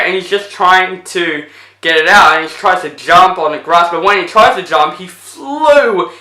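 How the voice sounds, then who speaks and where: Guy rambling thru a movie recap, kinda high voice, lots of basically and like, roomy echo. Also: moderate pace, sharp tone. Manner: rambling, full of fillers like 'basically'. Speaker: movie reviewer. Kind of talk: casual plot retelling.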